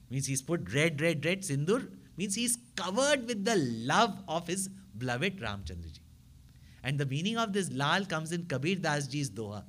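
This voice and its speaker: A man, a spiritual teacher telling stories in a sermon with animated delivery and frequent tag questions to his listeners. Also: on the high side, moderate pace. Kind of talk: storytelling sermon.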